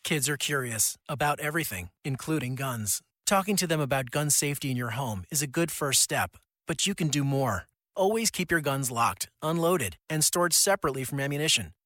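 Man, PSA voice-over, calm and earnest, slightly high voice, dry close sound. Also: brisk, dry recording. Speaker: PSA narrator. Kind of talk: scripted public service announcement.

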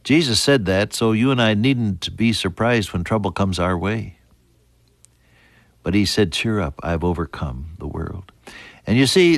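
An older man preaching a sermon, swinging between soaring emphasis and hushed, near-whispered lines. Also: mid-range voice, no room sound. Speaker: pastor.

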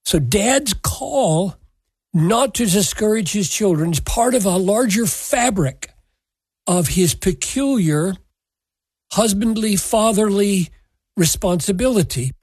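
A man preaching a sermon, slowly and earnestly explaining scripture verses. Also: high voice, expressive, darkish tone, husky, dry recording. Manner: slow, earnest, emphatic scripture exposition. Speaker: pastor.

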